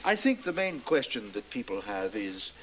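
A man's voice: on the low side, big pitch swings, normal speed, a little hiss or hum. An actor playing a male TV presenter who formally interviews a creature on air, in a film. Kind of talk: film dialogue.

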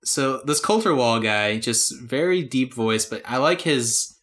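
A man's voice: medium pitch, animated, unhurried, fairly bright tone. A young man co-hosting a casual music podcast, rambling with restarts and frequent laughs. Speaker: podcast co-host.

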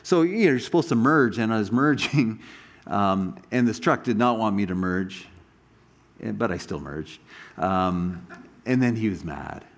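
A man's voice: on the low side, expressive, measured pace. A man preaching a sermon, telling stories animatedly with frequent restarts and asides. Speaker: pastor.

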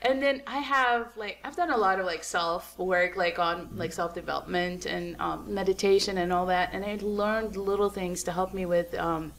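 A young adult woman, a guest runner, chatting casually on a podcast, telling her story with lots of laughs and acting out quotes in a high voice. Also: moderate pace, few pauses, fairly bright tone, a little hiss or hum.

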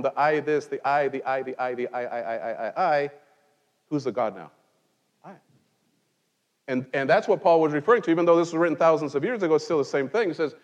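A man's voice: fairly high pitch, in a large hall, lo-fi sound. A man who grew up in Mexico, preaching a conversational sermon from a pulpit in church and mixing in wry jokes. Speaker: pastor.

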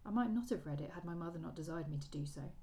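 A woman reading as a cold, cutting Regency gentleman. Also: lowish voice, lively intonation, fast talker, a little hiss or hum, low-quality recording.

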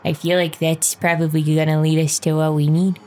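A woman's voice: low-pitched, flat delivery, brisk, dark tone. A woman playing a tabletop role-play game, bantering and laughing with the others. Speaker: player.

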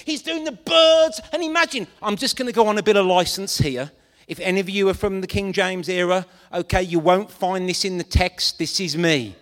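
Animated man preaching in an echoing hall. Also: sits high. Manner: animated and playful, acting out scenes. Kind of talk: lively sermon to a congregation.

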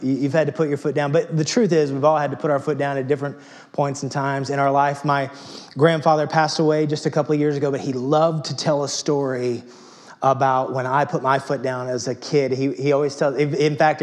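A man's voice: medium pitch, a little mellow. A man from Texas preaching a sermon in a conversational, humorous storytelling manner. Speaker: pastor.

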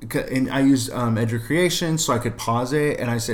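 A young adult man, a middle school math teacher, chatting casually with a relaxed storytelling manner. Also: mid-range voice, moderate pace. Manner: relaxed storytelling, many fillers. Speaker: math teacher and podcast co-host. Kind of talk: casual chat.

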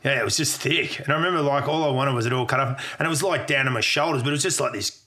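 A man in his fifties with an Australian accent, a guest on a chat podcast. His voice is bright and forward, and he tells his stories in a relaxed, reminiscing way. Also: mid-range voice, rapid-fire. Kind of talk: casual chat.

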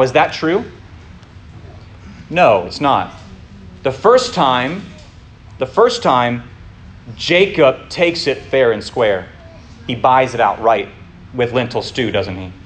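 A man's voice: mid-range voice, animated, slow pace, fairly bright tone, a little hiss or hum. A man leading a conversational Bible study, often asking the listeners rhetorical questions and talking informally. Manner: informal, with fillers and restarts.

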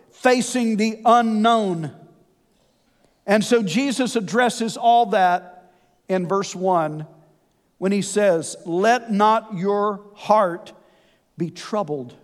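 A man preaching a sermon, folksy and animated with conversational asides. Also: very high-pitched. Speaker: pastor. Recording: long hall reverb.

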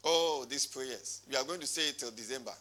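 A man's voice: mid-range voice, a little fast, pushed and bright. A male pastor preaching a sermon, calling out to his congregation and reading scripture aloud. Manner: preaching with call-and-response.

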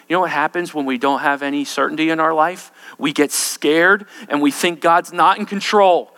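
A man preaching a sermon, swinging between loud, intense lines and hushed, quiet ones. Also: on the high side, steady tone, normal speed, few pauses, clear, resonant tone.

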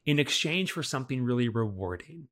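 Bright-voiced male podcast coach. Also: mid-range voice, animated, a little fast. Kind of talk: casual podcast chat.

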